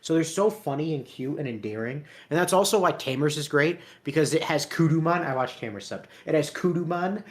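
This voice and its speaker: A podcast co-host in loose, casual chat, with a mid-pitched voice that sits neither high nor low. They ramble and swear in nearly every sentence, with frequent laughter. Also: expressive, brisk, few pauses.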